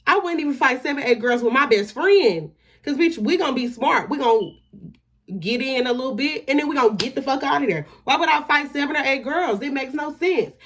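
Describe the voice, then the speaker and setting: A woman's voice: high voice, animated, brisk. A young woman telling a storytime on her vlog, indignant and emphatic, swearing freely and trailing off into "da, da, da" when she skips details. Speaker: storytime vlogger.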